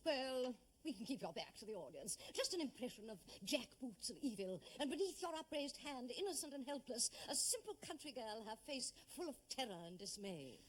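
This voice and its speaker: An actress playing an imperious aristocratic duchess, in a period television drama. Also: female voice, a little high, big pitch swings, brisk, hardly any pauses, a little hiss or hum, rough recording. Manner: imperious, dismissive.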